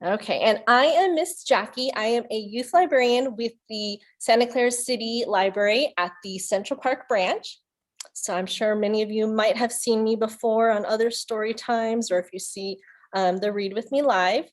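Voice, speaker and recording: A woman's voice: on the high side, moderate pace. A young woman, a youth librarian, hosting a virtual children's story time in an upbeat manner, speaking to young kids over a computer mic.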